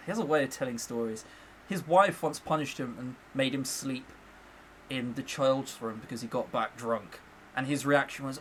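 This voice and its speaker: A man's voice: medium pitch, expressive, normal speed, slight background noise. A man streaming a visual novel, giving chatty, joking commentary and swearing freely. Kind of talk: casual let's-play commentary.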